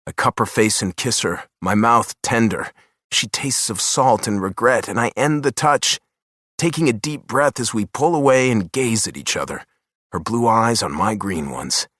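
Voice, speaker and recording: Male romance narrator, lowish voice, intimate and emotional, dry booth sound. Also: normal speed, fairly bright tone, dry recording. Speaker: audiobook narrator. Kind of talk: first-person romance narration.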